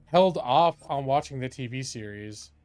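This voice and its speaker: A man's voice: mid-range voice, expressive, moderate pace, darkish tone. A man chatting casually while playing a game live, rambling and breaking off mid-thought. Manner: chatty, rambling, self-interrupting. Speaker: gaming streamer and lawyer. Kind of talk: live let's-play commentary.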